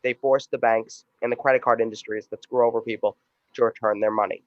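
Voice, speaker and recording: A man's voice: medium pitch, fairly even intonation, quick pace, no room sound. A man hosting a show, casually setting up video clips and talking loosely with some restarts. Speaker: show host. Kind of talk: casual commentary introducing clips. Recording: dull dry lo-fi sound.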